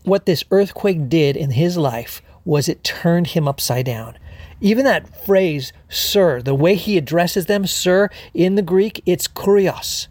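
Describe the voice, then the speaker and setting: A male pastor delivers a sermon, unpacking word meanings and asking rhetorical questions. His voice sits a little high, with the odd "uh" between points. The sound is dry and close. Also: lively intonation, a little slow, a little mellow, dry recording. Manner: expository, explains Greek words, rhetorical questions; fillers and restarts.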